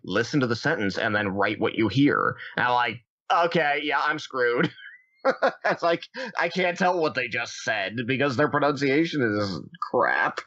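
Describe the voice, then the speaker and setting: A man co-hosting a gaming podcast in casual chat, acting out his own reactions with lively shifts. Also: medium pitch, no echo, lo-fi sound. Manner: animated, acts out his own past reactions. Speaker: podcast co-host.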